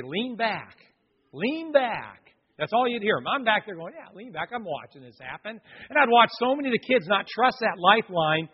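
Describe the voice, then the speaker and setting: Heard through dull lo-fi audio in a long-reverb hall, this preacher's voice sits high and carries a breathy edge. He shares a personal story in his sermon with animation, imitating the other people in it.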